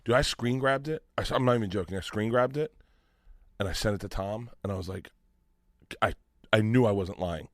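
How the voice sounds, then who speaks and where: A man in his forties telling stories on a podcast, animated and profane, laughing as he talks. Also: on the low side, a little fast, long pauses, dry recording, studio quality. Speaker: guest storyteller. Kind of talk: casual podcast storytelling.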